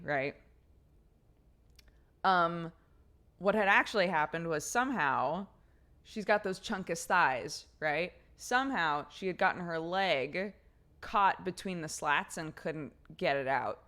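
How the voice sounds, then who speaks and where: A young adult woman streamer telling a story in casual chat, animated and chatty. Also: lowish voice, unhurried.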